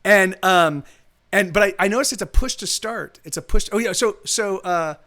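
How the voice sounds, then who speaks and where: A man's voice: sits high, moderate pace, sharp tone. A man telling a story in casual chat on a live stream, rambling and swearing as he corrects himself. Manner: rambling, profane, full of self-corrections.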